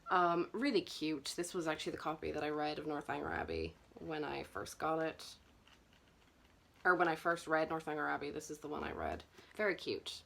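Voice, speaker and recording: Young woman, lower voice, chatty, self-conscious, home vlog on the camera mic. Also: big pitch swings, normal speed, vocal fry, fairly bright tone, a little hiss or hum. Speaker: booktuber. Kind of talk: casual book collection vlog.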